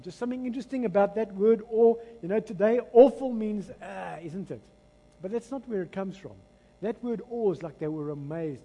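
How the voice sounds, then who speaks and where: A South African pastor preaches with a high, slightly husky voice, drawing the congregation into call-and-response. He tells the scripture story with dramatic swings in energy. His voice rings with a long reverb through the church hall. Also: moderate pace. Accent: South African English. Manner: animated, dramatic storytelling delivery.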